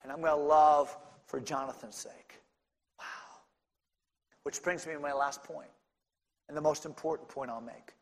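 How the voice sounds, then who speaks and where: Guy preaching a sermon, high voice, goes from chatty to all-out shouting, long church echo. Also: steady tone, normal speed, pauses often. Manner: builds to fervent shouting, then talks casually with the congregation. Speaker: pastor. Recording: long hall reverb.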